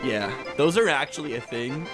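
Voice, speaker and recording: Young man, crude goofy jokes, lively swooping voice, faint game music behind. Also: medium pitch, normal speed. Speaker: co-host. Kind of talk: casual gaming banter.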